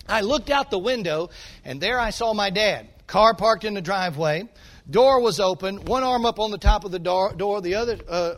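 A male pastor preaching a sermon, telling a folksy, animated story and calling out to the congregation. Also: high voice.

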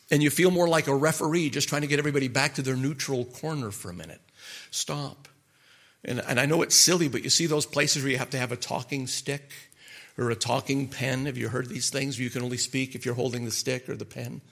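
A man's voice: medium pitch, fairly quick, pushed and bright. A middle-aged man preaching a conversational sermon as a pastor and marriage counselor, folksy and full of rhetorical questions to his listeners.

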